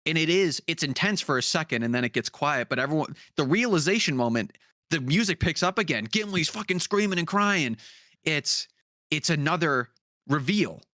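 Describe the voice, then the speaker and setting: A young man co-hosts a podcast, laid-back, playful and profane in casual chat. His voice is a little high and bright, forceful, with lively intonation at a moderate pace. The recording is dry, with clean studio sound.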